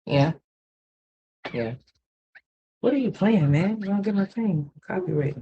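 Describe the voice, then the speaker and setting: A woman's voice: mid-range voice, lively intonation, measured pace, breathy edge, lo-fi sound. A mother hosting a casual livestream, telling a long story to her viewers in a rambling, repetitive way and calling them y'all and honey.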